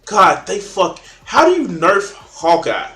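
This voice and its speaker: A man's voice: high-pitched, very animated, slow, sharp tone, echoey room. A man in casual chat, blunt and opinionated, swearing freely while arguing about comics.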